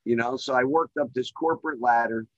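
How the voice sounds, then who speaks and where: A middle-aged man telling his story as a guest on a call, rambling and full of filler phrases, getting louder and more excited at the high points. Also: a little fast, dry recording, muffled recording. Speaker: guest, real estate developer. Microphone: remote call microphone.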